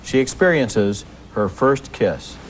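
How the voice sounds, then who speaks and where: A man's voice: mid-range voice, animated, slight background noise. Eager man co-hosting a film review show. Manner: eager, brisk, enthusiastic. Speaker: film critic, co-host.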